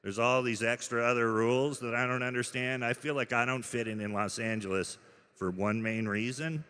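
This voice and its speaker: A man performing a stand-up comedy routine on stage, telling deadpan stories that break into sudden loud outbursts. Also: mid-range voice. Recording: live stage set with hall reverb.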